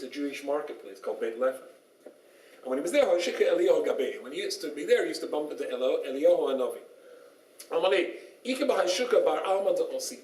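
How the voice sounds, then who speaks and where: A man, a rabbi, giving a humorous lecture and telling jokes and stories as he goes. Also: on the high side. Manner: joking storyteller, lively, laughs often. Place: small synagogue lecture room. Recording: roomy, distant, faint background noise.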